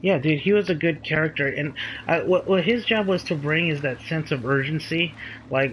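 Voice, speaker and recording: A man's voice: on the high side, moderate pace, fairly bright tone, a little hiss or hum, rough recording. A man reviewing a movie in casual chat, laid-back and often saying "dude" and "like".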